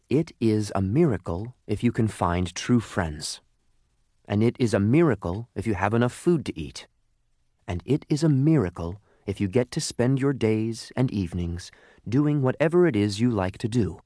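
A man narrating a story in a gentle, reflective way, recorded in a studio. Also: fairly low pitch, expressive, measured pace, no echo. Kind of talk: scripted narration.

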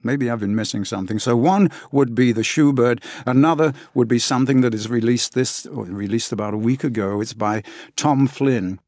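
Chatty English audiobook narrator. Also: male voice, mid-range voice, moderate pace, darkish tone, no room sound, clean studio sound. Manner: enthusiastic, chatty, frequent fillers. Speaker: audiobook narrator, interview guest. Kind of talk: casual interview answers.

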